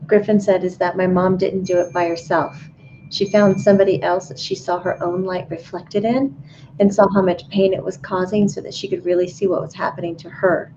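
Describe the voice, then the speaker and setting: A woman co-hosting a livestream, giving calm and earnest spiritual advice in a casual talk. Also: mid-range voice. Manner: calm, earnest, relays guidance. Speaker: co-host. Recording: dull lo-fi audio with faint room noise.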